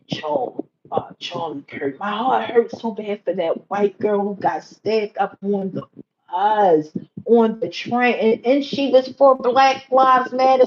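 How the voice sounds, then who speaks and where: A woman hosting a faith-based livestream, earnestly urging her viewers and repeating herself for emphasis. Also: mid-range voice. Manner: earnest, exhorting viewers directly, repetitive. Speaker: livestream host. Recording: muffled livestream audio with background hiss.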